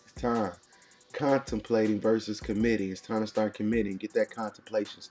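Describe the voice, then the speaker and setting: A lowish, darkish male voice with a flat delivery hosts a morning motivation show, moving briskly over soft background music. He preaches punchy, repeated lines in a call-and-response cadence as motivational talk.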